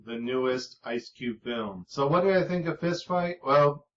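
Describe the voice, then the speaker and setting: A man's voice: medium pitch, lively intonation, a little slow, lo-fi sound. A man giving a casual spoken movie review, rambling with lots of fillers and the odd swear word.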